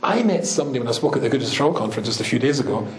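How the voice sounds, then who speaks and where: A rabbi with a Scottish accent giving a talk to a live audience, joking, teasing them and laughing often. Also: male voice, mid-range voice, lively intonation, very fast, echoey room.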